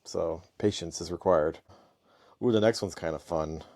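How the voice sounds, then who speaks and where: A man's voice: low-pitched, moderate pace, a little mellow. An American man co-hosting a casual podcast, reading out listener questions and answering them at length. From United States. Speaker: podcast co-host. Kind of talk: casual chat.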